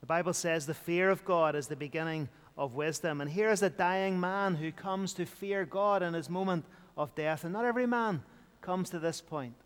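A man's voice: high voice, moderate pace, smooth, in a large hall. A man preaching an evening sermon in an earnest, repetitive style, building emphasis as he goes.

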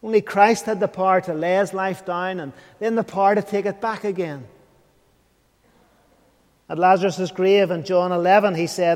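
A man's voice: sits high, fairly even intonation, normal speed, darkish tone, in a large hall. A man preaching an evening sermon, earnest and questioning, sometimes dropping to a near whisper.

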